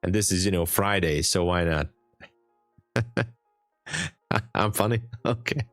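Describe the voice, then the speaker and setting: A man's voice: deep voice, measured pace, no room sound, soft background music. A man from Hungary with a Hungarian accent, chatting casually and joking on a trading live stream. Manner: joking, chatty, laughs often. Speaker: livestream trader.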